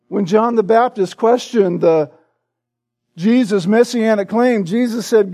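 A male pastor preaching a sermon with emphatic stress on repeated words, often tagging his points with a quick "right?". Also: sits high, warm tone. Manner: peppers points with "right?" tag questions.

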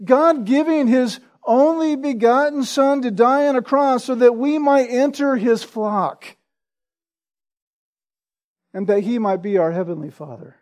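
A man with a noticeably high-pitched voice delivers an expository sermon as pastor. He speaks slowly and earnestly, leaning on repetition for emphasis. He keeps tagging his points with a rhetorical "right?". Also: a little mellow. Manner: earnest, rhetorical, frequent "right?" tag questions; slow and deliberate with emphatic repetition.

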